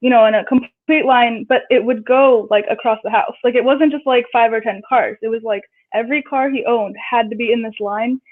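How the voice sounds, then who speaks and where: High-voiced woman on a tinny phone line. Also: steady tone, fairly quick, few pauses. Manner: chatty, acts out quotes in raised voices. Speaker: guest. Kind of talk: casual storytelling.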